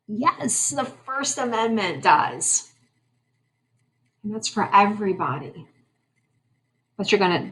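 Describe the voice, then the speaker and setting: A woman teaching a history lesson in a conversational way, asking her class questions and making wry asides. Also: medium pitch. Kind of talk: classroom lecture.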